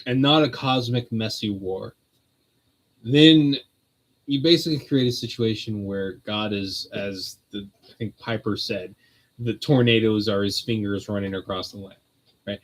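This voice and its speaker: Over poor audio, a man with a fairly low voice hosts a streamed religious talk at a slightly slow pace. He rambles casually through his points and laughs often, like a relaxed chat.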